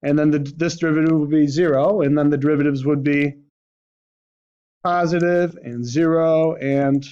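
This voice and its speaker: A man's voice: a little high, fairly even intonation, normal speed, mellow, smooth. A male math teacher lecturing a class, constantly checking in with questions like "right?". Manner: questioning, prompts students with "right?". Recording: dull lo-fi classroom recording.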